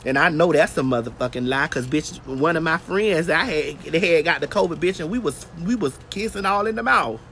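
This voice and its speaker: A woman host chatting on a phone livestream outdoors, her voice lively and swooping with a bright, forceful edge. She talks in a brash, profane, animated storytelling way, with faint outdoor ambience behind her. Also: low-pitched, a little fast, few pauses, a little hiss or hum. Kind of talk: casual livestream chat. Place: outdoors, getting her hair braided.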